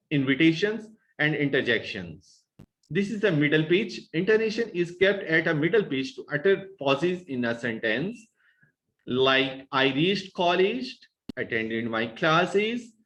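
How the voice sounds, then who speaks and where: A man's voice: on the high side, fairly bright tone, rough recording. A man with a Pakistani English accent giving a webinar lecture as guest speaker, carefully sounding out example syllables. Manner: slow, deliberate enunciation of example sounds. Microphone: video call.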